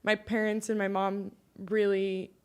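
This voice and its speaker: A young woman shares her thoughts on a casual podcast. Her voice sits in a plain middle range. She sounds soft, sweet and reflective. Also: medium pitch, monotone, measured pace, clear, resonant tone. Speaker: podcast co-host.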